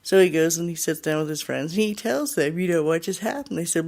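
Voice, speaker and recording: Podcast host telling a story, chatty, laughs a lot, middle pitch. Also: moderate pace, gravelly. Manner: chatty, laughing often, restarts. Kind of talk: casual storytelling.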